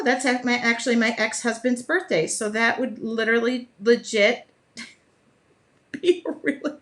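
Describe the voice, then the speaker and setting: A woman's voice: on the high side, fairly bright tone. A middle-aged woman hosting a live art journaling demo, chatting casually and laughing often as she works. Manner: chatty, laughs often, talks while working.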